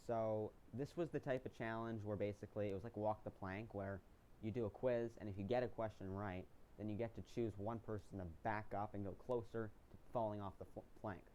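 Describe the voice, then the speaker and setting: A young man casually retelling a story in vlog commentary, chatty and excited, with frequent ums and restarts. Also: fairly low pitch, a little fast, a little hiss or hum. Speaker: vlogger recapping a reality show.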